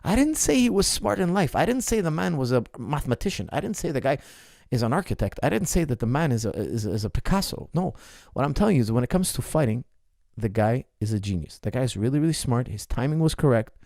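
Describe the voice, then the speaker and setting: A man's voice: medium pitch, animated, fast, vocal fry, a little mellow, no room sound, studio quality. A man, an MMA coach, recapping a fight in casual podcast talk, emphatic and repeating his points.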